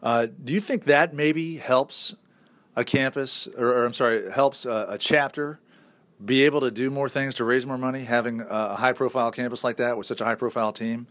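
A man hosts a casual interview in an upbeat, chatty way with a Northern US accent, often pausing on fillers. His mid-pitched voice sounds dry and close, with little room sound. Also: fairly even intonation, fairly bright tone, dry recording. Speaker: show host.

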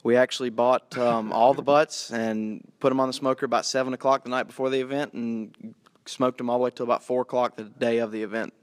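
A man's voice: mid-range voice, fairly even intonation, fairly quick, no room sound, clean studio sound. A young man, a college student guest, politely explaining his group's charity work. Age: young adult. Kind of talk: interview answers.

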